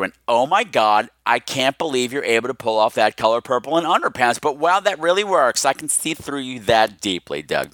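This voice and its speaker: A man's voice: mid-range voice, big pitch swings, moderate pace, a bit bright, no room sound, clean studio sound. A man hosting a podcast, talking in a campy, teasing, theatrical monologue. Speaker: podcast host.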